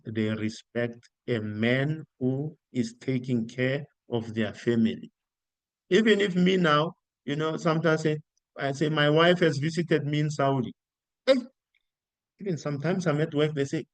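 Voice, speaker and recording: A man's voice: a little high, normal speed, no echo. South African man coaching, close and dry. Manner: animated storyteller, acts out quoted dialogue. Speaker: career coach. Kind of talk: informal spoken coaching talk.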